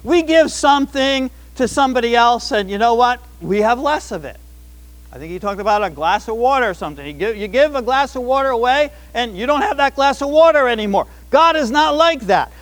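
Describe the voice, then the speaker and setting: A man preaching a sermon, shifting between emphatic declarations and quieter asides. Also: very high voice, animated, brisk. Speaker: pastor.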